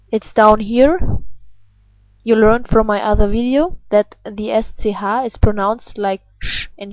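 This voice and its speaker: Slow German-accented woman teaching. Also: mid-range voice, no room sound, highs cut off. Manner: patient, questioning, drawn-out words. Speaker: language teacher. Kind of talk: slow explanatory lesson.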